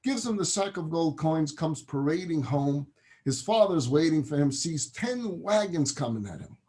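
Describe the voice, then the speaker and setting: A man's voice: on the high side, moderate pace. A man, a rabbi, telling a parable in a class and acting out its characters. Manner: animated, acts out the parable's characters. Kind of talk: storytelling lecture.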